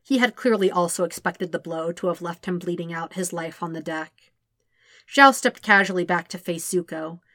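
Low-voiced woman narrating a story. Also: dry recording, studio quality. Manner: steady, measured storytelling. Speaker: podfic reader. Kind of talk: audiobook narration.

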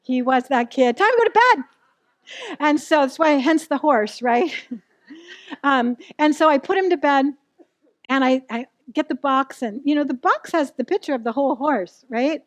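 A woman's voice: sits high, moderate pace, no room sound. A middle-aged woman preaching a sermon, telling a candid personal story and asking the audience questions. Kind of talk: sermon to a live church audience.

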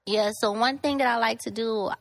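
A woman's voice: a little high, normal speed, fairly bright tone, dry recording, clean studio sound. A woman in her thirties from Lafayette, chatting candidly as a guest model and laughing often. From Lafayette, Louisiana. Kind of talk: casual podcast chat.

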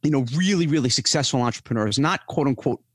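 A man guest on a podcast, talking casually and telling animated stories, acting out other people in raised voices. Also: mid-range voice, fast, no room sound. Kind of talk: casual interview chat.

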